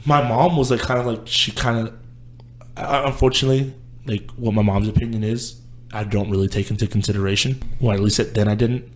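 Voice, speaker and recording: A man's voice: fairly low pitch, fairly even intonation, brisk, slight background noise. A young man, a guest on a casual podcast, telling his life story in a candid, rambling way. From Houston, Texas. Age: young adult.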